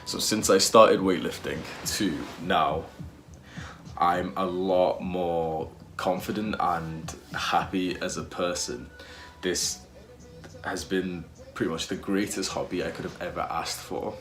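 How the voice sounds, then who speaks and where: A man's voice: low-pitched, fairly even intonation, slow, a bit bright, faint music behind. A young man in his twenties talking casually in a fitness vlog, loose and profane, with lots of fillers. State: out of breath after push-ups. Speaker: fitness vlogger.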